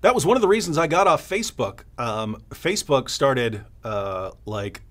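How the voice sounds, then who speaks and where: Man co-host, casual live-stream talker, animated storyteller, mid pitch. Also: moderate pace. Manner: animated storytelling, mimics opponents.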